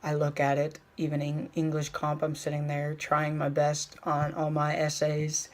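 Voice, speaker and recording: A young man talking casually in a vlog, rambling with fillers and slowing down to stress his points. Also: a little high, completely flat delivery. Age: young adult. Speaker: vlogger. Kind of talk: casual motivational vlog talk.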